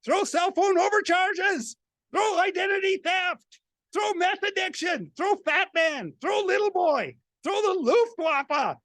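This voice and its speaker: A man reading his own poem at a library reception, with halting chat first and then a chanted, repetitive delivery that builds to shouting. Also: very high voice, no room sound. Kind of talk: performed poetry reading. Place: university library gallery reception.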